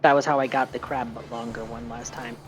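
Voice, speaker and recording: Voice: mid-range voice, steady tone, fairly quick, slight background noise. A streamer chatting casually during a gaming stream, cheering on in-game events.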